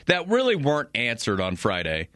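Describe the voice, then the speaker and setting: A man co-hosting a casual sports talk show, animated and acting out players' reactions. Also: medium pitch, normal speed, no room sound, clean studio sound.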